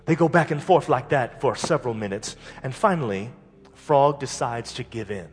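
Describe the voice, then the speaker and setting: A male pastor preaching a sermon and telling a fable, animated and building to loud, fervent peaks in a church hall. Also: medium pitch, normal speed, a little hiss or hum. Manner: animated, building to shouted climaxes. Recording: long hall reverb.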